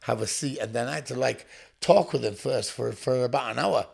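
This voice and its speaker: An English man, appearing as a podcast guest in a storytelling interview, speaks at a medium pitch and a fairly quick pace. His voice is slightly rough with a darkish tone and vocal fry. He tells his story bluntly, swears often, and acts out what people said.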